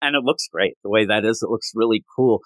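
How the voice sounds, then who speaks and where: A man's voice: lowish voice, fast, no room sound. A man co-hosting a comics podcast, chatting casually and joking, sometimes putting on silly voices. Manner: animated, jokey, puts on silly voices while riffing. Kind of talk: casual chat.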